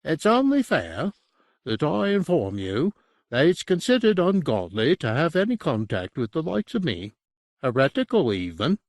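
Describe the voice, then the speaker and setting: A high, sulky demon with an Australian accent grovels and sneers by turns, as a man puts him on. He sounds obsequious but smug, a storybook fiend bound against his will. The recording is dry and close. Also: sing-song, takes it slowly, creaky, no room sound, exaggerated voice. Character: sly, sulky male demon servant.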